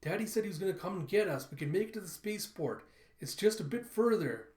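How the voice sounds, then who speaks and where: A frightened but determined little girl, as a man puts her on, pitched high and urgent. She pleads fast and breathless in an echoey room. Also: animated, darkish tone. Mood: pleading.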